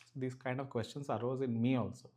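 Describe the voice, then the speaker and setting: A man's voice: mid-range voice, steady tone, fast talker, darkish tone. Earnest male spiritual teacher, reflective delivery with filler-laced restarts, mid-range voice. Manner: earnest, thoughtful, frequent "you know" fillers and restarts.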